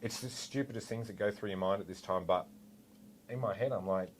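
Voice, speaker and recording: A man in his forties with an Australian accent, a former police officer telling a story in a relaxed, animated way with lots of asides. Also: lowish voice, fairly quick, a little hiss or hum. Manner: animated, rambling with fillers and asides. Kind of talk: casual storytelling anecdote.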